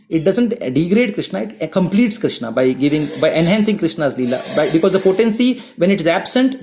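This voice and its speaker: A man giving a devotional lecture on scripture in an animated way, often restarting his sentences. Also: fairly high pitch. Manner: animated, acts out quoted voices, many restarts. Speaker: spiritual teacher.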